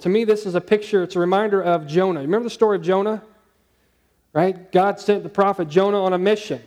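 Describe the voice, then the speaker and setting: A man preaching a conversational sermon, asking his listeners questions and dropping to a hushed tone on key points. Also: high-pitched, quick pace. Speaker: pastor.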